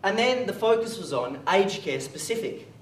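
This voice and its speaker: A young Australian man giving a lively storytelling talk, acting out the lines of people in his story. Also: high-pitched, normal speed, slight background noise. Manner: lively anecdotal storytelling with acted-out quotes. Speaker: motivational speaker. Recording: echoey hall from far off.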